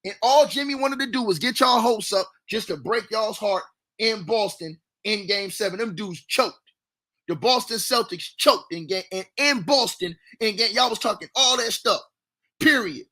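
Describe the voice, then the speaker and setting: Hyped high-voiced man trash-talking on stream. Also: normal speed. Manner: loud, repetitive, trash-talking. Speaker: livestream sports commentator. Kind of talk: hyped livestream sports talk.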